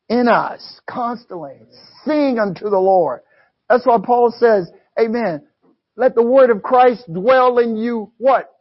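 High-voiced husky male preacher. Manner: call-and-response asides, frequent "amen" and "you know"; reads scripture aloud in a preaching cadence. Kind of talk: sermon. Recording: dull lo-fi recording.

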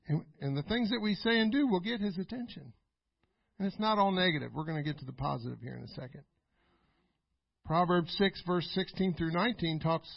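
A man pastor preaching a sermon, emphatic and repetitive, building to loud exclamations. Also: sits high, creaky, no echo. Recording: dull, dry lo-fi recording.

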